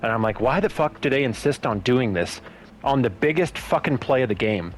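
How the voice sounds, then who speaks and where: A man's voice: mid-range voice, expressive, brisk, a little hiss or hum, poor audio. A man from Ohio co-hosting a casual sports podcast, ranting with heavy profanity and exasperation. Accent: Cleveland, Ohio. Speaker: podcast co-host.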